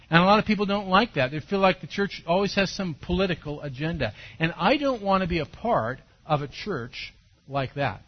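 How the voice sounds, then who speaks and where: A man preaching a sermon as a pastor, telling his story with animation and sudden loud bursts. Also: on the high side. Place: church service. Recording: dull lo-fi sermon recording.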